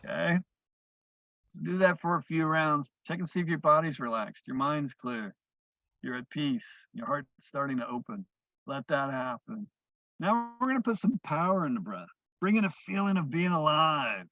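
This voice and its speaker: A man teaching breathwork, guiding listeners through breaths in a slow, soothing way that often trails off softly. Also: on the high side, sing-song, dry recording. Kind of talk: guided breathing instruction. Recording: dull, lo-fi dry sound.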